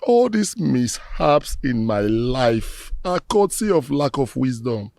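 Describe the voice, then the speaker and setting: A man's voice: mid-range voice, sing-song, slow pace, creaky, darkish tone, dry recording, heavily acted. An actor playing a remorseful middle-aged man who prays formally to his ancestors in a Nollywood film, lamenting and pleading.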